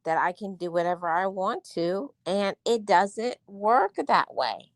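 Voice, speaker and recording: A woman's voice: mid-range voice, animated, unhurried, no room sound, studio quality. A woman hosting a casual chat, backing up her guest with affirming remarks. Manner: supportive, affirming interjections. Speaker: host.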